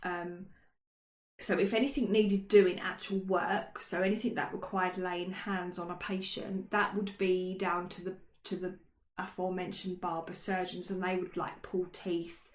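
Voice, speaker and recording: A woman's voice: fairly low pitch, level tone, measured pace. Chatty woman in a roomy echo. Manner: chatty, self-mocking, frequent ums. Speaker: podcast co-host. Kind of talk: casual history chat.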